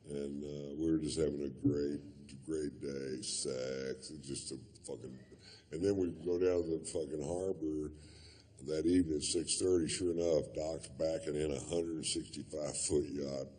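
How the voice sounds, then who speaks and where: A man's voice: extremely low pitch, steady tone, normal speed, warm tone. A man doing stand-up comedy, telling a long story in a laid-back, profane drawl full of fillers.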